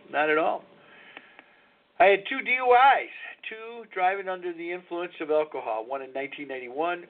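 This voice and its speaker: A middle-aged man hosting a live recovery call-in show, talking in a frank, reflective, confessional way. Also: mid-range voice. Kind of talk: candid personal talk on live radio. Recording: narrow phone-like lo-fi line.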